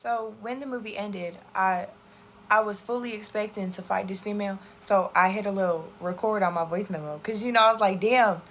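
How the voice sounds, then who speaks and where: A woman telling a storytime to camera, swearing a lot, animated and calling her viewers y'all. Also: medium pitch, a little fast, a little hiss or hum. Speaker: content creator. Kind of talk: storytime vlog.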